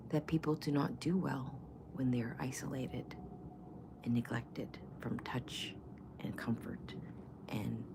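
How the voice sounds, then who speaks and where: A woman's voice: rumbling low, creaky, noisy background. A middle-aged woman vlogging in casual chat, blunt, profane and opinionated.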